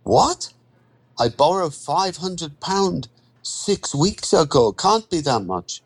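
A man reading a story and voicing an anxious male newcomer who stammers in halting broken English. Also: mid-range voice, expressive, voice pushed up. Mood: alarmed.

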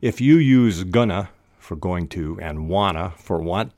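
An older man talks through writing techniques in a deep, low voice. He is unhurried and restarts his sentences now and then, with an occasional filler. The sound is close and dry, with no room around it. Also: lively intonation, a little mellow, dry recording. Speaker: podcast host teaching fiction writing. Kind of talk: instructional talk on writing.

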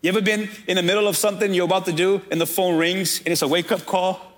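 High-voiced man preaching a sermon. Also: little pitch movement, fast talker, a bit bright. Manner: preaching, addressing the congregation directly. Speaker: pastor.

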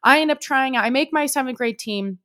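A woman's voice: high-pitched, a little fast, bright, forceful tone. A young woman hosting a podcast, telling a personal story in a chatty, casual way, full of fillers and swearing. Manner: chatty, swears freely, lots of "like". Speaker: podcast host.

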